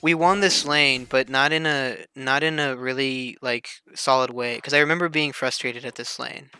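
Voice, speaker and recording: A man's voice: medium pitch, fairly even intonation, moderate pace, sharp tone, smooth. A young man casually talking over a match replay, swearing a lot, filling his talk with "like" and laughing often. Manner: loose and profane, heavy filler "like", laughs often. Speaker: streamer reviewing his team's match. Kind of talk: casual game replay commentary.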